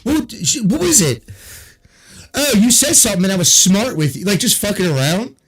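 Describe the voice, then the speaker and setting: A man's voice: high voice, sing-song, moderate pace, husky, rough recording. A man in his thirties chatting casually with a friend, telling stories with frequent laughs and swearing.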